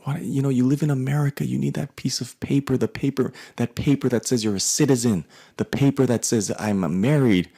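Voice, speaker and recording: A man's voice: mid-range voice, brisk, creaky, warm tone, voice pushed up. A man voicing his melodramatic older mother, who nags and guilt-trips in a pleading, repetitive way. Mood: nagging.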